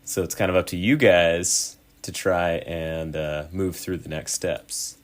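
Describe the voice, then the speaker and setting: A man's voice: deep voice, steady tone, a little slow. A man running a tabletop game as game master, explaining the story to the players in an easygoing way and laughing often.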